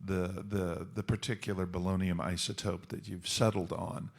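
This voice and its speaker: A man speaking on a writers' conference panel, measured and wry with joking asides. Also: low-pitched, steady tone, vocal fry. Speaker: panelist author.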